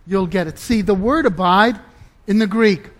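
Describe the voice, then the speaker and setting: A man preaching a sermon, deliberate and emphatic, dropping to a low, intense hush at times. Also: slight background noise.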